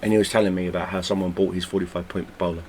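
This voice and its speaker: A man with a fairly low voice hosting his gaming channel in an unscripted, off-the-cuff vlog. He talks bluntly and swears constantly. He trips over words and repeats them as he goes. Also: little pitch movement, racing, dark tone, a little hiss or hum. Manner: blunt and heavily profane, stumbles and repeats words. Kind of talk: casual unscripted vlog talk.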